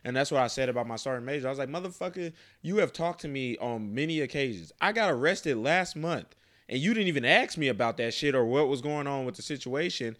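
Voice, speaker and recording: A man's voice: medium pitch, lively intonation, fast talker, a bit bright. Profane ranting army sergeant, man. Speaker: army NCO. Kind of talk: casual chat.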